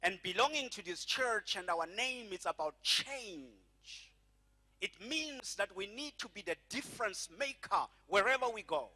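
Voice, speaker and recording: A middle-aged man preaching with a high, ringing voice. He leans on key phrases, drawing them out slowly and calling the congregation to say them back. His tone is bright and forceful from the pulpit. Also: expressive. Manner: emphatic preaching, slows and stretches key phrases, has congregation repeat after him. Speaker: pastor. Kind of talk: sermon.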